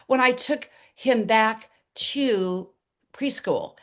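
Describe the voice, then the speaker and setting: An older woman as an interview guest, telling her story in an animated way and acting out the dialogue. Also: fairly high pitch, slow pace.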